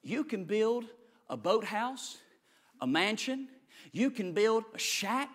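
A male preacher giving a sermon, swinging between loud shouted lines and quiet low asides. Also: expressive, takes it slowly. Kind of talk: energetic sermon.

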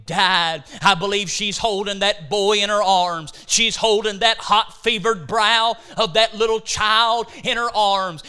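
A man's voice: sits high, bright, forceful tone, clean tone. A middle-aged man preaching a sermon, retelling scripture scenes with dramatic, emphatic storytelling.

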